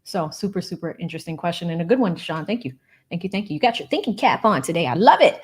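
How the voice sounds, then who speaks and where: A woman hosting a casual livestream, thanking donors by name and explaining legal points in an animated, bubbly way. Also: on the low side, fast, breathy edge. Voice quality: animated, bubbly, laughs often. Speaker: legal commentary livestream host. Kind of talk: casual livestream chat, reading donations.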